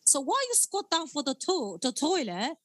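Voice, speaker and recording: A woman's voice: high-pitched, sing-song, moderate pace, no echo, pitched above the performer's own voice. A woman voicing a brash, sassy female home fitness guru who coaches bluntly. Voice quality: blunt, matter-of-fact coaching.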